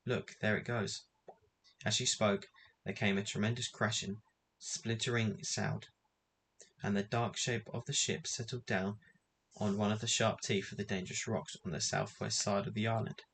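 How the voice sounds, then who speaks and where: Man, storybook narration, measured, fairly low voice, faint hiss. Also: little pitch movement, creaky, a bit bright. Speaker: reader. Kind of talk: storybook reading aloud.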